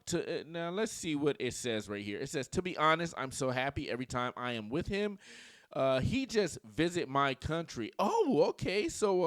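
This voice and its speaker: A man's voice: a little high, fairly bright tone, no echo, clean studio sound. A man in his forties giving casual dating commentary, telling stories in slang and mimicking voices.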